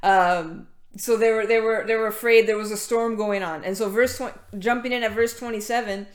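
A woman's voice: a little high, fairly even intonation, normal speed. A woman preaching a casual sermon, reading scripture and chatting informally with many fillers and restarts. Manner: conversational, many fillers and restarts, greets latecomers mid-talk. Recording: echoey room.

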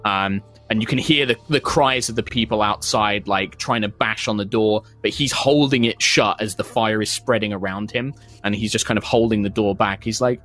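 A man's voice: fairly low pitch, moderate pace, hardly any pauses, fairly bright tone, faint music behind. Man narrating as game master. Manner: descriptive, flowing with frequent fillers.

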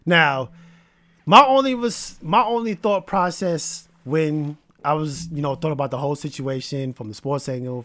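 A man hosting a podcast, telling a story in a casual, animated and preachy way. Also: medium pitch, no room sound. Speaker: podcast host.

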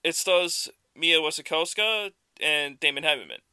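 A man co-hosting a podcast who summarizes a film's plot in a measured, explanatory way. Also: a little high, sharp tone, clean tone, dry recording. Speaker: podcast co-host. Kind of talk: casual film review chat.

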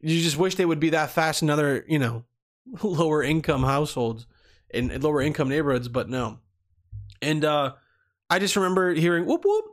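A man with a somewhat high-pitched voice tells a personal story off the cuff. He rambles, restarts his sentences and swears a lot. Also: animated, moderate pace. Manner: rambling, swears freely, acts out quoted people. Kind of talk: casual storytelling monologue.

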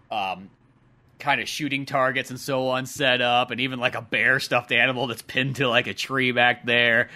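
Young guy, casual rambling podcast host, bright tense tone. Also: medium pitch. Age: young adult. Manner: rambling and laughing, full of "like". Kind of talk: casual chat.

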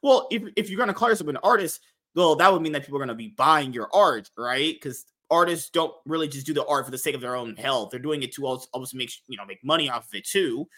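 A man's voice: mid-range voice, quick pace, fairly bright tone. A man co-hosting a casual podcast, telling a story in a loose, rambling way. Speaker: podcast host. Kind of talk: casual chat.

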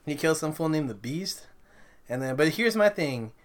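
A man co-hosting a podcast, chatting excitedly about movies and comics, swearing constantly and acting out lines. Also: a little high, normal speed. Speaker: podcast co-host. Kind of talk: casual profane chat about movies and comics.

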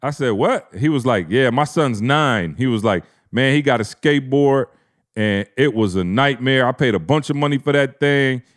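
A man's voice: mid-range voice, moderate pace. A man in his thirties, a podcast co-host, telling a family story in casual slang and acting out the quotes.

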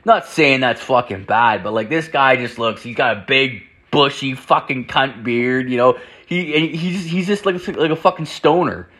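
Young dude podcast host, bright punchy voice, cussing a lot, says like every other word. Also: male voice, medium pitch, normal speed, few pauses. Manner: profane, rambling, heavy on "like" fillers. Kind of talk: casual storytelling.

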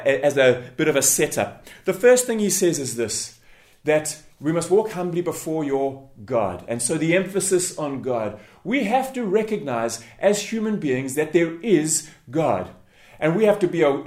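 A man's voice: a little high, a little mellow. An earnest male pastor delivers a sermon with a slightly raised voice, stumbling over and repeating words now and then. His voice rings out through a roomy, echoing church hall.

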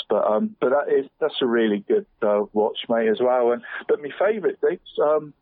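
A man's voice: mid-range voice, normal speed, few pauses, no room sound. Guy in his 40s rambling about footy on a phone line, says mate constantly, dry tinny sound. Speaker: football pundit guest. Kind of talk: casual radio chat.

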